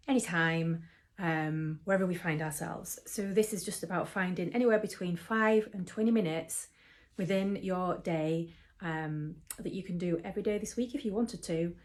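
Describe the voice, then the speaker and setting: A woman who teaches mindfulness and acupressure in a gentle, chatty way, with frequent ums. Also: lowish voice. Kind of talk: relaxed instructional talk to camera.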